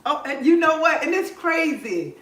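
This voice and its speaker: An older woman, chatting casually on a livestream and telling animated stories with quoted dialogue. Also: high-pitched, moderate pace, echoey room. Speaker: livestream host. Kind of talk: casual chat.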